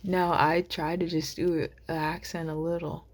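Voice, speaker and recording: A woman vlogger musing aloud to camera, soft and rambling, often half-whispered. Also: deep voice, little pitch movement, a little slow.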